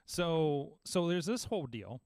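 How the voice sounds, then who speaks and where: A man in casual podcast chat, telling an animated story and acting out both sides of phone calls. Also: on the high side, measured pace, no room sound. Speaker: podcast host.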